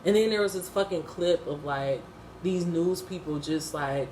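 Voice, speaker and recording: A woman's voice: on the low side, expressive, moderate pace, a little mellow, reverberant, a little hiss or hum. A woman giving unscripted, casual commentary on a TV episode, blunt, profane and impassioned. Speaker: TV episode reviewer.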